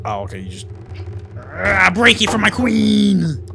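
A man giving loud, excitable let's play commentary, swearing often and making mock-dramatic pleas. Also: high voice, unhurried, creaky, soft background music. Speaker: gaming channel host.

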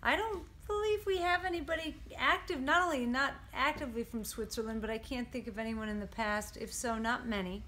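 A woman's voice: on the high side, fairly quick, hardly any pauses, sharp tone, slight background noise. A woman presenting her company's knives in an upbeat, detailed product showcase.

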